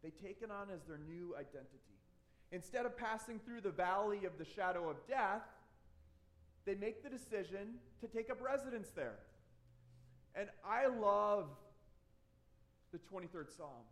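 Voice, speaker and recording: A man's voice: sits high, expressive, normal speed, long pauses. A man preaching a sermon, earnest and conversational, often restarting his phrases. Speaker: pastor.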